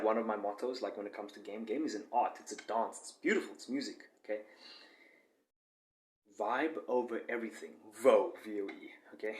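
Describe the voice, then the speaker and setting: Young man, boastful, rambling, filler-heavy, mid-pitched voice, roomy echo. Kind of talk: casual vlog monologue.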